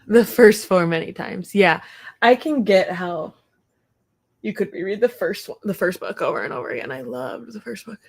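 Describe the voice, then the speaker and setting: A woman's voice: medium pitch, lively intonation, moderate pace, slightly rough. A young woman hosting a casual livestream from her home, chatting in a rambling way with viewers and stopping now and then to talk to her dog. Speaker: livestream host.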